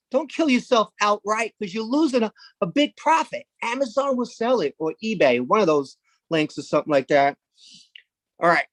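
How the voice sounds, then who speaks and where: A man from Brooklyn, doing a rambling, deadpan stand-up set. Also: high voice, no room sound. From Brooklyn, New York. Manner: rambling, deadpan, with sudden loud jumps into put-on voices. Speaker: stand-up comedian.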